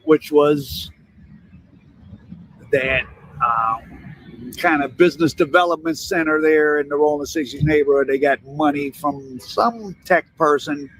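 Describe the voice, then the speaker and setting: A man's voice: on the high side, measured pace, long pauses, slight background noise, rough recording. A man commenting casually, retelling stories with asides and hedges.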